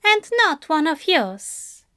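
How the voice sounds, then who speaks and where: A woman voicing a soft-spoken, doting male angel who is fussy and controlling, in a gentle, coaxing and prim manner. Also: sits high, big pitch swings, takes it slowly, no echo, clean studio sound, pitched above the performer's own voice, full character voice. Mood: teasing. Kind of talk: audiobook character voice.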